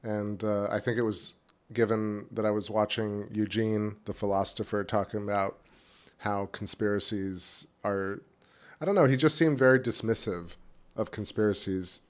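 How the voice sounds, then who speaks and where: Man, low voice, casual livestream host, rambling chat, back porch. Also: fairly even intonation, normal speed. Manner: rambling, chatty, some restarts, chewing while talking. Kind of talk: casual live-stream chat. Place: back porch at home, outdoors.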